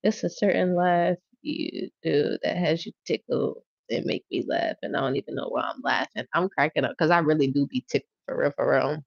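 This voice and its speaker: A woman chats her way through a tarot reading on a livestream, teasing and laughing and repeating her lines. Her voice sits low for a woman and the sound is dry and a bit dull, like a lo-fi mic. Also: a little fast, creaky, few pauses, dry recording. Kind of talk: casual livestream chat.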